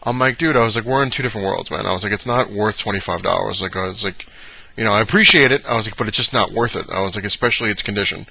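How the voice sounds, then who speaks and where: A man's voice: lowish voice, rapid-fire, creaky, bright, forceful tone. A young man telling a long, rambling anecdote to the camera at home, acting out both sides of the exchange and leaning on "I was like" over and over. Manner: chatty storyteller who keeps repeating "I was like". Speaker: comic collector vlogger. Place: home with pets around. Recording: dull lo-fi recording.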